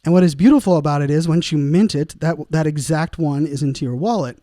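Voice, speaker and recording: Podcast host, male, loose rambling delivery, mellow tone, slightly higher voice, close dry sound. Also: fast, dry recording. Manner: rambling, many fillers, laughs at own puns. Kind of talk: casual solo podcast monologue.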